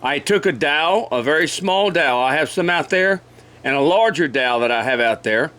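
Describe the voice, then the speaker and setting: A man with a cold teaching woodcarving in a folksy, repetitive way, often clearing his throat and apologizing. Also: fairly high pitch, lively intonation, a little fast, pushed and bright. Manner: folksy, repeats measurements, frequent throat clearing. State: has a cold. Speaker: woodcarving instructor. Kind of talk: casual step-by-step demonstration.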